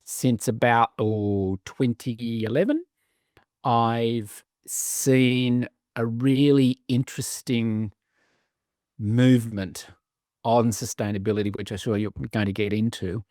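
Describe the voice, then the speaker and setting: Male exec, middle-aged, wry and articulate, plain mid pitch, dry close sound. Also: steady tone, slow, darkish tone, no room sound. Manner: articulate, wry and self-deprecating, with frequent restarts. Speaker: CEO of a business sustainability council. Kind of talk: podcast interview.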